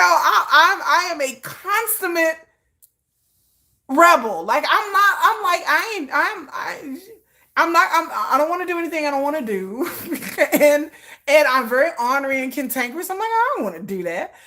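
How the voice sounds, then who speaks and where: Lively high-voiced woman chatting on stream. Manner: animated, laughing, rambling asides to chat; swears freely, Southern-flavored slang. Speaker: livestream host. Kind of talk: casual fan livestream chat.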